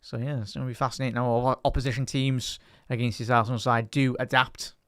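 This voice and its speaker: A young man with a Liverpool accent doing a live watch-along of a football match, talking casually with his chat and lifting into quick play-by-play when the ball is in play. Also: medium pitch, little pitch movement, a bit bright, no echo, studio quality. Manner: chatty, reads live chat aloud and lifts into play-by-play calls.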